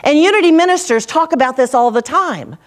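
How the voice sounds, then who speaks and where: A woman minister delivers a storytelling sermon in a church. Her voice is fairly high and swings widely in pitch, with dramatic pauses and low, hushed tones for quoted lines. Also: animated. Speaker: senior minister. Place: church sanctuary.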